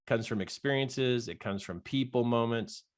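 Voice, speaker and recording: Animated man telling a personal story. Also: normal speed, clean tone. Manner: animated storyteller, acts out quoted dialogue with big pitch jumps. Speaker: life coach. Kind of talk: storytelling in a coaching talk.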